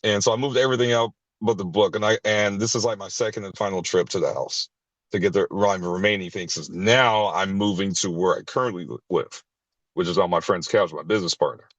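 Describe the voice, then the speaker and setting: A man's voice: a little fast, no room sound, muffled recording. A man candidly telling a personal story at a recovery sharing meeting, blunt and profane, often restarting his sentences. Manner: blunt and profane, with frequent restarts and short laughs; acts out others' lines with sharp jumps in pitch.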